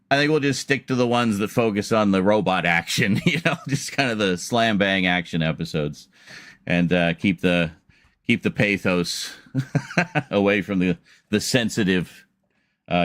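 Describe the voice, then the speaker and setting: A man's voice: low voice, expressive, measured pace, a bit bright, dry recording, studio quality. A man streaming a casual chat, telling a long story in a rambling way with laughs and restarts.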